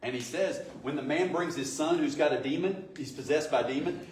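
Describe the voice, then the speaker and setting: A man's voice: on the high side, a little fast, darkish tone. Male pastor, conversational sermon full of rhetorical questions; distant mic in a roomy church. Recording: echoey room, distant mic, faint noise.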